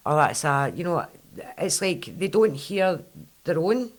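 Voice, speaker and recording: A Scottish woman with a mixed Fife and West Coast accent hosts a relaxed podcast chat. She talks in an animated, storytelling way and keeps the conversation moving. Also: low-pitched, moderate pace. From Scotland. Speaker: podcast host. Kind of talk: casual chat.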